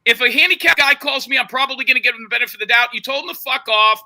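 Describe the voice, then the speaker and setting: A man's voice: very high-pitched, fairly even intonation, racing, sharp tone. A man hosting a podcast, pushing his side of a story during a heated argument and talking over the others. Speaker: podcast host.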